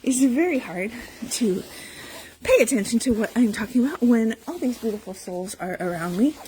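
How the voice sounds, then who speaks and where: A woman's voice: on the high side, expressive, moderate pace, dark tone, slight background noise, low-quality recording. A woman who runs an animal rescue, talking casually to her phone camera in a barn full of dogs. She speaks affectionately to the dogs and laughs often. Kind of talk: casual morning vlog. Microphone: handheld phone camera.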